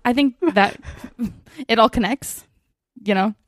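A young woman from Washington state co-hosts a podcast, her voice on the high side and her pace slow, recorded in clean studio sound with no echo. The talk is casual chat: bubbly, jokey and rambling, with lots of fillers.

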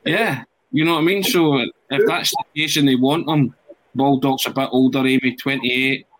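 A man's voice: mid-range voice, steady tone, moderate pace, a bit bright, no room sound, rough recording. Male podcast host, conversational, dry close recording. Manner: conversational, addresses co-hosts by name. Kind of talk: casual football podcast chat.

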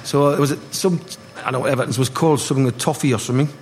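A man, telling lively football stories to a live audience and acting out the voices. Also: medium pitch, racing. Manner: animated anecdotes, acting out voices, laughing. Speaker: guest, former footballer. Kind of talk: live storytelling on stage. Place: live party event. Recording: noisy live room.

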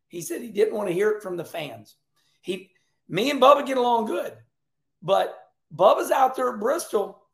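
A folksy man in his sixties talks racing on his own show, laughing and repeating himself as he goes. His voice is high for a man and gravelly, and it rings in an echoey room. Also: expressive, normal speed. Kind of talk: casual commentary.

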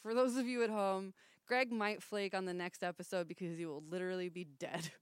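A woman's voice: on the low side, fairly even intonation, fairly quick, clean tone, no room sound, clean studio sound. A young woman co-hosting a casual chat with friends, blunt and teasing, swearing freely. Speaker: podcast co-host.

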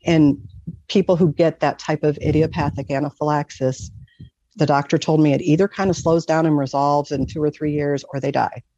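A woman candidly telling a personal story as an interview guest, earnest and often breaking into soft laughs. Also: deep voice, fairly even intonation, normal speed, dry recording. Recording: dull lo-fi recording.

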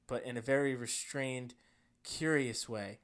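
Podcast co-host, male, New Jersey accent, deadpan storyteller who breaks into laughs, mid-range voice. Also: mid-range voice, measured pace. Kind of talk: casual chat, reading a story aloud.

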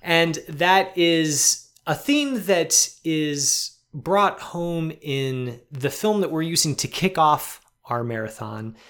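A man's voice: on the high side, expressive, slow, few pauses, fairly bright tone, clear, resonant tone. A man co-hosting a film podcast, talking in a thoughtful, self-deprecating way. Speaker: podcast co-host. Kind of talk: casual film discussion.

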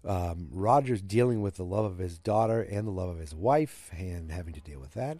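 A man's voice: sits low, expressive, normal speed, hardly any pauses, mellow, no room sound. A man casually recapping an episode, rambling with fillers and self-corrections. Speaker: show recap host.

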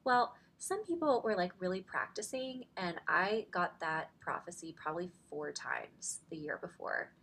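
Woman in her 30s, lowish voice with lots of gravelly fry, bright edge, chatty, says "like" a ton, kinda emotional. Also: animated, measured pace, few pauses. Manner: chatty, fills speech with "like"; emotional, close to tears at times. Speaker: podcast guest. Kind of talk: personal storytelling in a faith podcast conversation.

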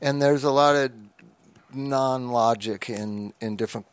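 A man's voice: mid-range voice, unhurried, clean tone, no echo. A man in a casual podcast chat who laughs easily and chimes in with his own stories.

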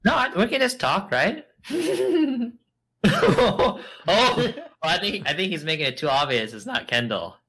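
A man's voice: high-pitched, big pitch swings, unhurried, creaky, sharp tone, breathy edge. A man co-hosting a casual podcast, joking and laughing often. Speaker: podcast co-host. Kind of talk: casual chat.

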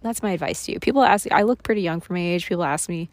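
A tired woman hosts a confessional solo podcast, speaking candidly and self-deprecatingly while swearing and laughing often. Her voice is lowish and fast, and there's no echo.

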